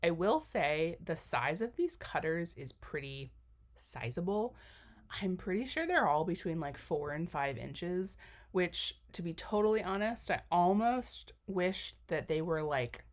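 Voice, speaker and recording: A woman's voice: fairly low pitch, animated, unhurried. A young woman giving a casual, rambling voiceover for a cookie decorating tutorial, full of fillers and self-deprecating asides. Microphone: voiceover mic.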